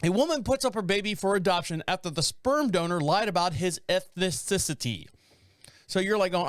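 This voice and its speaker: A man's voice: sits high, expressive, normal speed, clear, resonant tone, dry recording, studio quality. A man hosting a podcast, reading news stories aloud and riffing on them in a rambling, joking way. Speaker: podcast host. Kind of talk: casual podcast monologue.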